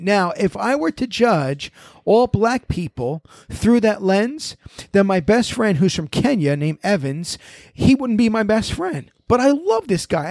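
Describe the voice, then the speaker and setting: A pastor from the United States, with a high, creaky voice and no echo, tells personal stories during a conversational panel discussion. He's animated, acting out and quoting both sides of the exchanges he recounts.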